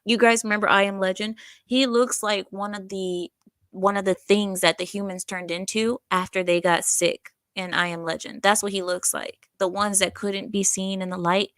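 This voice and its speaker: A woman talks over video clips in a sassy, blunt tone. Her voice sits at an ordinary middle pitch. The recording is dry and close. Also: steady tone, normal speed, fairly bright tone, no echo. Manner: sassy, blunt, scolding asides. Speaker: reaction commentator. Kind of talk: casual reaction commentary.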